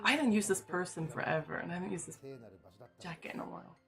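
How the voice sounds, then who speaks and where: Faint music plays behind a woman streamer whose lowish, creaky voice moves at a quick pace as she tells a personal story in casual chat. Her speech is loose and filler-heavy, packed with "like" and "you know."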